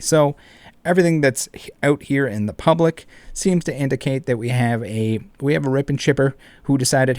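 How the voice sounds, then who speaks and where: A man's voice: medium pitch, normal speed, no room sound. A man hosting an online commentary video, ranting in an indignant, profane, emphatic way. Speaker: commentary channel host.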